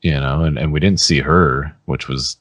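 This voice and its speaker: A man co-hosting a podcast in casual chat, relaxed and laughing often, with sentences that trail off. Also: very deep voice, moderate pace, no echo, studio quality. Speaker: podcast co-host.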